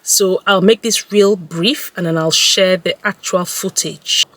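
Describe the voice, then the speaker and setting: A woman vlogger talking to camera in a measured, deliberate way. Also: lowish voice, steady tone, a bit bright.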